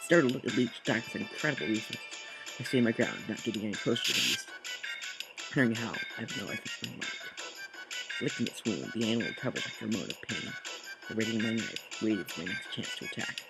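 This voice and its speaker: A man's voice: on the low side, fast, creaky, over loud music, low-quality recording. A man reading a text game aloud, with slips, corrections and jokey asides. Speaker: let's play host.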